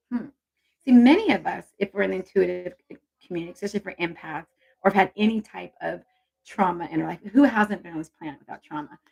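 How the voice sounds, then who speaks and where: Husky woman coaching a live stream. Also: medium pitch, darkish tone, rough recording. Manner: chatty, encouraging, reads viewer comments aloud. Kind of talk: casual live-stream teaching.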